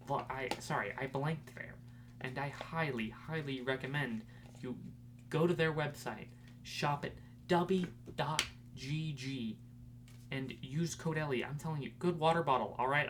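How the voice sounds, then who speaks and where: A young man hosting a podcast, rambling in casual chat with lots of fillers and excited fan talk. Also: medium pitch, moderate pace, slight background noise. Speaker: podcast host.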